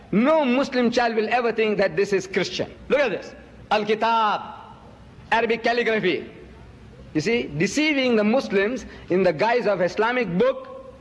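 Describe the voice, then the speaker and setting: A man giving an emphatic, accusing public lecture, jumping sharply up in pitch on key words. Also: long reverb tail. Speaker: Muslim preacher and debater.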